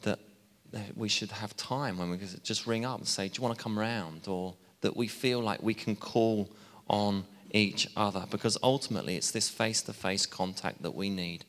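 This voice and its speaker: Male preacher, conversational sermon delivery, slightly low voice, long hall reverb. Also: normal speed. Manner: chatty, warm asides, laughs at himself.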